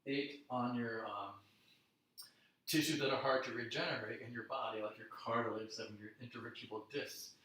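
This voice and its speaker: A man leading a guided strength workout, counting reps calmly and encouraging the class. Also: medium pitch, moderate pace. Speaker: strength instructor. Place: home studio. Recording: echoey room, mic at a distance.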